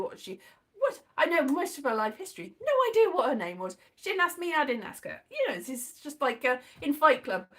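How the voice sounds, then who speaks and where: A woman's voice: high-pitched, fairly bright tone. A woman telling a rambling travel anecdote in a casual vlog, with many restarts and asides.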